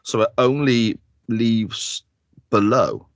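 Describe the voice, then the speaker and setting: A man's voice: on the low side, slow pace, no room sound. A man co-hosting a casual podcast, recapping loosely with tag questions and fillers. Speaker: podcast co-host. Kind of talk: casual chat.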